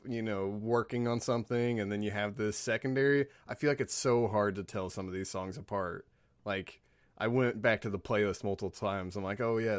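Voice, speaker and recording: A man co-hosting a podcast, chatting casually and agreeably, with halting restarts. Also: lowish voice, dry recording, clean studio sound. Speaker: podcast co-host. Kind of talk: casual review chat.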